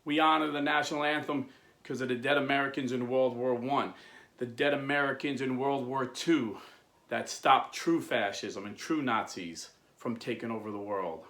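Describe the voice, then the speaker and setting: A man hosting a video, telling a historical story in an animated, emphatic way. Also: mid-range voice, normal speed, roomy sound. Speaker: video host. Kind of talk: impassioned storytelling.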